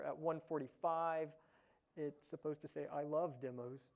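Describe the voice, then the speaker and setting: Man, fairly high voice, casual conference talk, chatty, filler-heavy. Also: moderate pace. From Ohio, USA. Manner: relaxed, chatty, many "uh" fillers. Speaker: conference presenter. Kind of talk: casual tech talk with live demo. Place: conference session room.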